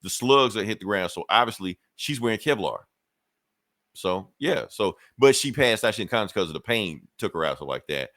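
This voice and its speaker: A man's voice: lowish voice, animated, normal speed, a bit bright, no room sound, clean studio sound. A man hosting a podcast, retelling a comic book issue in loose, profane, chuckling casual chat. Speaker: podcast host.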